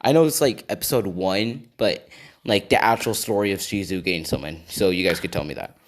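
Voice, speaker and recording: A man's voice: sits low, brisk, slight background noise. A man casually narrating an improvised fan story, rambling with lots of fillers and asides to his viewers.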